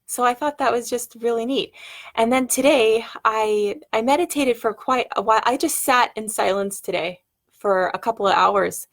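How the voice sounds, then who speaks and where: A woman's voice: on the high side, normal speed. A middle-aged woman talking to the camera in a rambling, heartfelt personal monologue, full of fillers, restarts and wondering questions. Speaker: vlogger.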